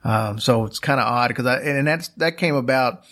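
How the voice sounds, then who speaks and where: A man's voice: medium pitch, normal speed, a bit bright. A man casually telling a long story as a podcast host, rambling with fillers and restarts.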